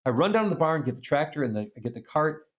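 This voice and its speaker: A man telling a personal story as an interview guest, lively and earnest, acting out the people in it. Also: a little high, fast talker, muffled recording. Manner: animated storyteller who acts out the people in his tale; earnest and reflective. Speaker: guest speaker.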